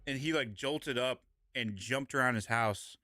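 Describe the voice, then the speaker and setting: A man's voice: mid-range voice, measured pace, bright, forceful tone. A young man co-hosting a podcast, retelling events in a rambling, laid-back way. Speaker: podcast co-host. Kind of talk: casual chat.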